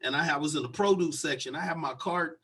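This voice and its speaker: A young man with a high, bright and husky voice tells stories on a casual podcast. He gets animated and acts out the people he quotes, loud and lively. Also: fast talker. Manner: animated storyteller who acts out quotes loudly. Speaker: podcast co-host. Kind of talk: casual chat, storytelling.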